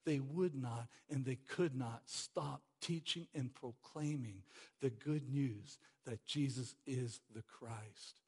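A man preaching a sermon with passion, repeating phrases for emphasis and swinging between loud exclamations and quiet stress. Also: a little high, breathy edge. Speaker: pastor.

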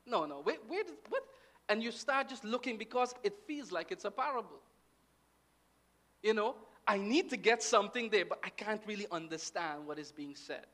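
Bright-voiced male preacher, lively. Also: high voice. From Guyana. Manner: lively, with call-and-response "amen" and "right" checks. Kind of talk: sermon.

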